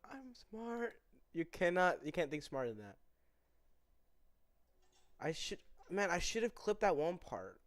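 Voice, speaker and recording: A man's voice: high-pitched, big pitch swings, unhurried, long pauses. A man chatting casually on a live stream, rambling and repeating himself while teasingly looking back over his old clips.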